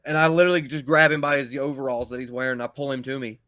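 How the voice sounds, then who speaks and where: A man telling a backstage story in casual chat, animated and swearing, acting out quotes in loud bursts. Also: medium pitch, rapid-fire, no room sound. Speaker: pro wrestler, podcast guest.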